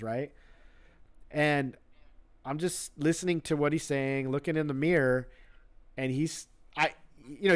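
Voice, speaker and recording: A man, a guest, telling a casual anecdote in a rambling way, full of fillers and acted-out quotes. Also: fairly high pitch. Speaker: guest creature mask maker.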